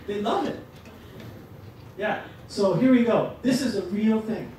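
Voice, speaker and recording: In a lecture room, a man leads a teaching workshop with lively, joking energy at a measured pace. His fairly high voice carries through a very echoey hall. He's recorded from a distance, with clear background noise.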